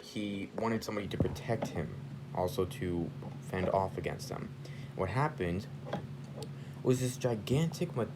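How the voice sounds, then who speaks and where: Low-voiced man rambling through a story. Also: noisy background. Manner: rambling, searching for names, many restarts. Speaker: fan storyteller. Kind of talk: casual improvised storytelling.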